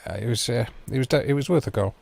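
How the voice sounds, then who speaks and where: A livestream host with a mid-range voice and vocal fry talks fast, rambling casually with viewers and using their names. His humour is dry and self-mocking. Loud noise sits in the background.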